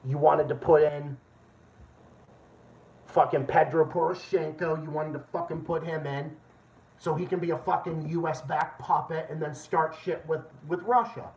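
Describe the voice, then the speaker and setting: A man's voice: a little high, fairly even intonation, moderate pace, darkish tone, far from the mic, a little hiss or hum. A man hosting a livestream, ranting angrily and swearing as he repeats his points. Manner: angry, swearing, repeats himself. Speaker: livestream host. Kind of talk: profane political rant. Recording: echoey room, dull lo-fi sound.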